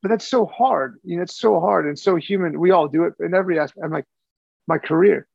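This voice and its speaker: Gravelly man rambling in casual chat. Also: high voice, fairly quick, darkish tone, no room sound, muffled recording. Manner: rambling, repeats words while thinking. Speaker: podcast co-host.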